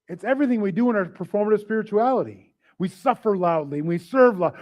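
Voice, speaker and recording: A man's voice: high-pitched, lively intonation, fast, hardly any pauses, darkish tone. A man preaching a sermon as pastor, casual and joking, often acting out little voices and asides. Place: church service.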